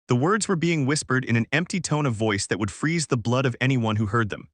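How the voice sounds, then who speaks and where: A man narrating a fan story in an even, flat reading. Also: medium pitch, fairly quick, few pauses, no echo, studio quality.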